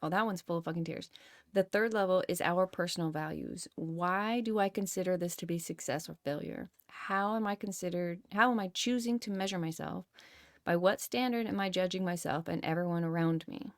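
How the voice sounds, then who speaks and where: A woman's voice: fairly low pitch, moderate pace, dry recording. Woman reading a book aloud, dry sound. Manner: reads, rereads and comments with swearing. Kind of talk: reading aloud with casual commentary.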